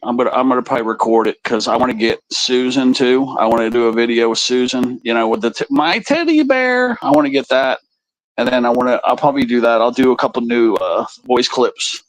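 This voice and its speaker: A man's voice: medium pitch, low-quality recording. Crude rambling man on a live stream. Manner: rambling, crude, talks straight to the chat. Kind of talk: casual live-stream chat.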